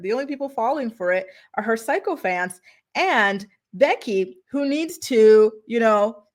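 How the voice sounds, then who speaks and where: A woman hosting a celebrity gossip commentary, with a voice pitched a little high. She talks in a sarcastic, snarky way, and she chuckles now and then. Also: expressive, measured pace. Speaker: commentary channel host.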